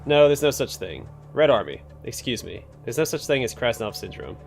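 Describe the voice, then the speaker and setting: A man's voice: medium pitch, lively intonation, fairly quick, vocal fry, soft background music. A man voicing a nervous male clerk who has verbal tics and talks in a stammering, apologetic way, in a game.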